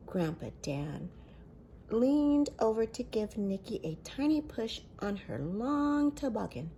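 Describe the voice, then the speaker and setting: A woman, a daycare teacher, reading a children's picture book aloud with expressive delivery and soft whispered asides. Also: a little high, slow, gravelly, a little hiss or hum.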